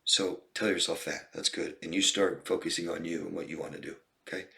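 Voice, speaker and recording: A man's voice: deep voice, flat delivery, fairly quick, vocal fry, bright, forceful tone. A man coaching viewers in a Q&A, talking in an earnest, direct way with many restarts. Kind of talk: Q&A advice talk.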